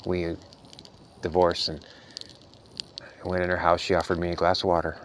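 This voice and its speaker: A man's voice: sits low, steady tone, unhurried, a little hiss or hum. A man giving an earnest, rambling spiritual talk in a casual monologue, sounding a little tired. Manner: earnest, rambling, soft-spoken. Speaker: spiritual vlogger.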